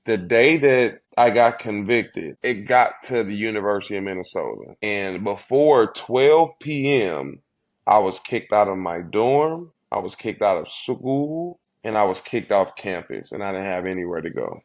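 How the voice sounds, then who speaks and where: A man in his thirties, a guest in an interview, telling his own story in an earnest, heartfelt way, rushing some phrases and slowing hard on others. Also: on the low side, animated. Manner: earnest, heartfelt, quick bursts with slow emphatic pauses.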